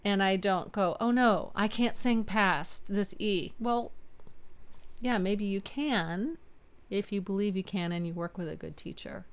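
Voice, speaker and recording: A middle-aged woman teaches voice from her home studio, her tone smooth and resonant at an everyday pitch. She talks in an upbeat way and breaks into sung examples of chest and head voice. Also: measured pace. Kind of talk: video voice lesson.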